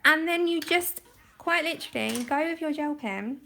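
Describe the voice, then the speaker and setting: A woman's voice: high-pitched, moderate pace, vocal fry, pushed and bright, a little hiss or hum. A woman hosting a casual colouring livestream, chatty and self-deprecating, laughing often as she talks through her work. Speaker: livestream host. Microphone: phone mic.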